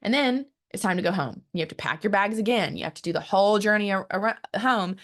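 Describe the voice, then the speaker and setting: A woman marketing coach giving an energetic motivational business talk, speaking straight to her audience and often restarting her words. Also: mid-range voice, brisk. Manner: energetic and emphatic, acts out quoted voices; repeats words when restarting, direct to the audience.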